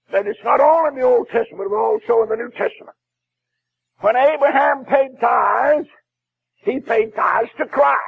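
A man preaching a fiery sermon as a Baptist preacher, shouting with a crying preaching cadence. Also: extremely high pitch, creaky, breathy edge, phone-quality sound.

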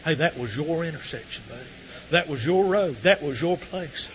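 A man preaching a sermon to a congregation in church, rising to shouts at the peaks. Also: on the high side, expressive, moderate pace, slight background noise, low-quality recording. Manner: impassioned, shouting at peaks, folksy.

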